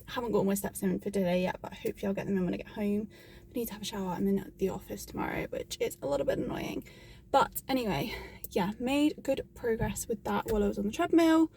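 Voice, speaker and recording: A woman's voice: medium pitch, fast, creaky, darkish tone, a little hiss or hum. A woman book vlogger talking in a casual, chatty and rambling way, with frequent "like", into a phone she holds. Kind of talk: casual vlog chat.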